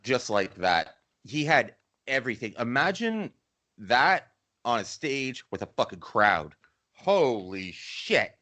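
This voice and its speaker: Male podcast co-host, mid-pitched, emphatic, salty language. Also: sing-song, slow pace, sharp tone. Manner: swears freely, emphatic. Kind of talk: casual chat.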